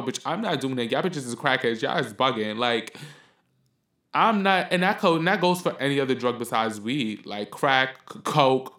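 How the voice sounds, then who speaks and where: A man's voice: mid-range voice, reverberant. A man hosting a podcast, giving blunt opinions in a casual monologue and ranting heatedly with lots of swearing. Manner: blunt, profane, heated ranting that flares up loud. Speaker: podcast host.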